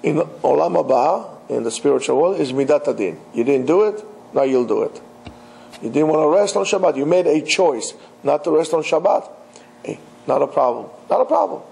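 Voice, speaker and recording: A man's voice: fairly high pitch, expressive, fast talker, creaky, mellow, rough recording. A man, a rabbi, giving an emphatic religious lecture and speaking straight to his listeners with rhetorical questions. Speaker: rabbi teaching.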